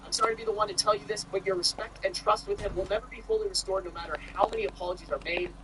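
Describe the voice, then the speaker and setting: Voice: mid-range voice, racing, noisy background. A streamer in casual, profane commentary, reading posts aloud and chatting with viewers. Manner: animated and profane, lots of filler "like". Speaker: streamer reacting to online posts with chat.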